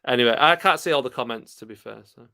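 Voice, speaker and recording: A man with a Yorkshire accent hosting a casual live stream, chatting relaxed and laughing often as he answers comments. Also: mid-range voice, quick pace, gravelly, no echo, clean studio sound. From Yorkshire, England.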